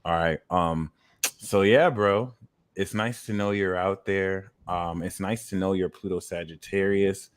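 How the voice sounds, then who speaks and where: A man with a lowish voice hosts a casual podcast chat. He talks in relaxed slang with friendly banter and breaks into sudden excited outbursts. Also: measured pace, smooth, no echo. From United States. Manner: laid-back slangy banter, bursts into high excited outbursts. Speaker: podcast host.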